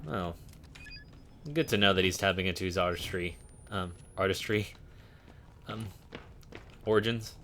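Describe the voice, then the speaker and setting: A man's voice: sits low, steady tone, measured pace, pauses often, bright, forceful tone, a little hiss or hum. A man streaming a horror game, talking casually and making sarcastic jokes as he plays. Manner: joking, sarcastic asides. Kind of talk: casual gameplay commentary.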